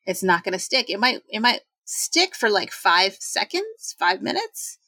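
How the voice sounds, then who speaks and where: A woman in her forties in casual talk, chatty and animated, acting out quoted voices with sudden jumps in pitch. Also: a little slow, no echo. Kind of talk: casual talk on self-doubt.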